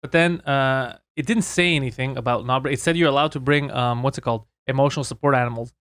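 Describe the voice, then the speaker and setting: A man's voice: mid-range voice, quick pace, a bit bright, clean tone, no room sound. A man co-hosting a comedy podcast, telling stories in casual, profane chat. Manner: swearing, storytelling with laughs. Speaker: podcast co-host.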